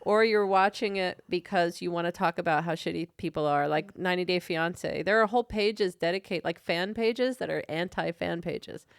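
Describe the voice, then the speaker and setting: A woman co-hosting a casual TV talk podcast, chatty and quick to laugh. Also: fairly low pitch, gravelly, clear, resonant tone, no room sound, studio quality. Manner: giggly, chatty, laughs often. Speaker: podcast co-host. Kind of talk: casual chat.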